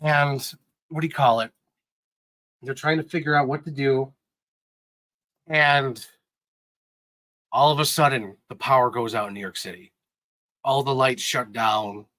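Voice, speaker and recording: A man chatting casually on a live stream, excitedly recapping movies in a rambling, sentimental way. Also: mid-range voice, measured pace, pauses often, no echo, low-quality recording. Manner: sentimental, gets choked up.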